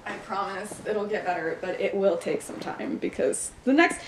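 A woman's voice: mid-range voice, normal speed, slight background noise. A young woman hosting a podcast, retelling a story in casual chat and animatedly acting out the characters' lines. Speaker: podcast host. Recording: echoey room.

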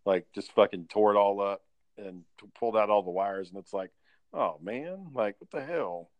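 A man's voice: on the low side, normal speed, no room sound, lo-fi sound. A man telling stories in a casual podcast chat, loose and profane.

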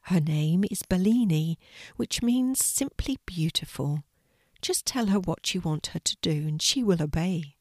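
A woman voicing a tiny, gentle fairy in a storybook, speaking in a soft, hushed, kindly way. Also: lowish voice, animated, measured pace, dry recording, clean studio sound.

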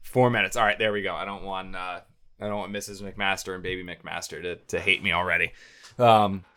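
A man's voice: deep voice, fairly even intonation, brisk, pushed and bright, clear, resonant tone. A man co-hosting a show, telling a long story in a casual, rambling way with lots of fillers and restarts.

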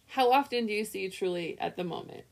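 A woman's voice: medium pitch, lively intonation, brisk, creaky. A woman co-hosting a casual chat, talking emphatically and laughing often. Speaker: co-host. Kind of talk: casual chat reviewing a reality show.

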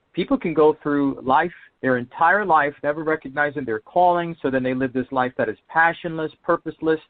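A man's voice: mid-range voice, no room sound. A man hosting a talk show, interviewing in an earnest, motivational way. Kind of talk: casual interview. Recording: dry tinny phone-like line.

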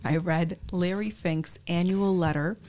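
A woman guest on a podcast, telling an anecdote lively and acting out her own thoughts in casual conversation. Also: on the low side, a little slow. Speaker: podcast guest, innovation lead. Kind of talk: casual interview storytelling.

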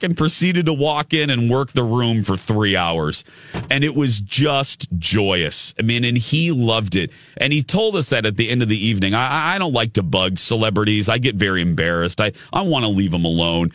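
A man telling a story in casual conversation, lively, with frequent restarts. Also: on the low side, normal speed, no room sound, studio quality. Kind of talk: casual anecdote.

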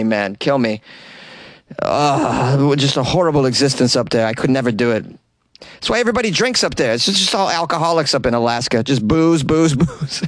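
A man with a fairly high voice hosts a comedy news podcast from a small closet, riffing sarcastically and animatedly on weird stories. He jumps into mocking voices, and the audio has no echo.

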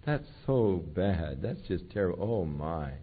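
A man playing a sympathetic friend who clucks over someone's troubles in drawn-out, tut-tutting sighs, on a tinny recording. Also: low-pitched, big pitch swings, pitched below the performer's own voice, heavily acted. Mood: pitying. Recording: tinny phone-like sound.

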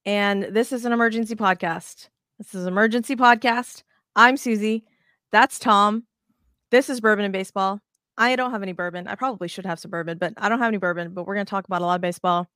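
Woman podcast host, casual baseball chat, animated and rambling, smooth clear voice, dry close sound. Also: medium pitch, fast talker, no echo. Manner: animated, swears freely, rambling restarts.

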